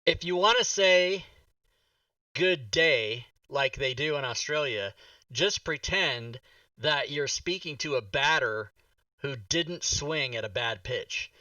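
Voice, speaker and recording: Teasing man in his fifties, lively voice. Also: on the high side, a little slow, no room sound, distant mic. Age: 50s. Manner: teasing, joking, reads chat comments. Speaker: host. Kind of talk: casual live-stream chat.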